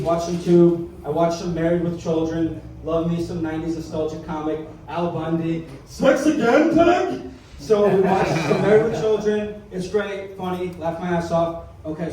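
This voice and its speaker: A man's voice: on the high side, mellow, slight background noise. A young man doing self-mocking stand-up storytelling at a cafe open mic, rambling and repeating his phrases. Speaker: stand-up comedian. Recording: echoey room, mic at a distance.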